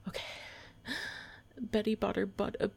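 A young woman reciting tongue twisters, giggly and swearing, coaching herself along in a breathy half-whisper. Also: medium pitch, monotone, measured pace, darkish tone. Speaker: content creator.

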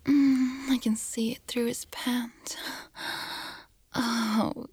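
A woman in a whispered role-play with a breathy voice, talking eagerly and mostly in a whisper. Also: on the high side, level tone, very slow, a little mellow, dry recording.

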